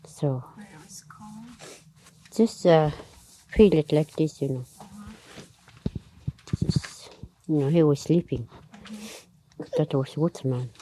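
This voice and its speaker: A woman telling a traditional story aloud in a halting, unhurried way, with frequent pauses, fillers and nonstandard grammar. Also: low-pitched, warm tone, a little hiss or hum, rough recording.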